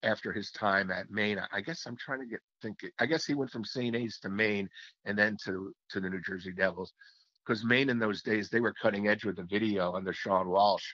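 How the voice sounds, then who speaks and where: A man with a fairly low voice looks back on his years as a hockey play-by-play announcer. He tells his stories reflectively and often restarts his sentences. The sound is slightly muffled and lo-fi, and it is dry, with no room echo. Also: fairly quick, fairly bright tone. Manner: reflective storytelling with frequent restarts. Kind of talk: reminiscing interview talk.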